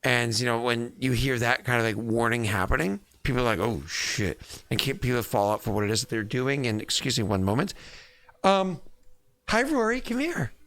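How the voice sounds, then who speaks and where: A man's voice: mid-range voice, steady tone, quick pace, hardly any pauses, a bit bright. A man who runs the game and streams it, chatting casually and playfully from his home basement. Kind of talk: casual chat.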